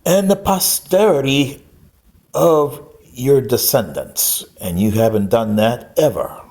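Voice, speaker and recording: A man's voice: medium pitch, lively intonation, takes it slowly, a little mellow. An older man giving a rambling, scolding lecture-style monologue straight to the camera. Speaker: vlogger.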